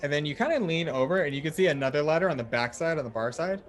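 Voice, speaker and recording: A man as dungeon master, narrating a tabletop game in a relaxed, rambling way full of fillers. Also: a little high, rapid-fire. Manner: relaxed, filler-heavy storytelling.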